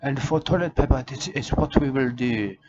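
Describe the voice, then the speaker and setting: In a dull, lo-fi clip with noticeable background noise, a man of medium pitch speaks at normal speed in a natural-sounding voice, voicing an absurd, rambling wildlife warrior of his own invention. The comic monologue carries a rambling melancholy, his grammar breaks down, and he keeps dropping "uh", "I can tell you" and "mate".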